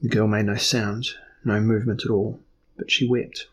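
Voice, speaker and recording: A man narrating a fantasy novel as an audiobook in a measured, even storytelling manner. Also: lowish voice, slightly rough.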